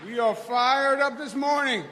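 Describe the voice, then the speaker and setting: Brief: middle-aged man, Queens accent, high bright voice, rousing folksy rally speech, long hall echo. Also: unhurried, a little hiss or hum. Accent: Queens New York. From New York. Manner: rousing, crowd-working, folksy. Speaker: governor giving a speech. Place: large hall before a crowd.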